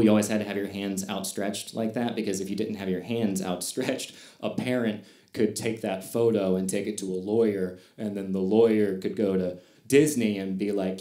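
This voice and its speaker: A man's voice: fairly low pitch, darkish tone, echoey room. A man doing stand-up comedy on stage, telling stories in a loose, conversational way. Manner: conversational storytelling with fillers and asides.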